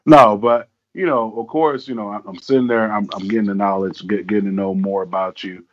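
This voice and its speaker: A man's voice: lowish voice, steady tone, a little fast. A man hosting a casual interview, rambling and repeating himself with lots of fillers. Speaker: interviewer, host. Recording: dull lo-fi audio.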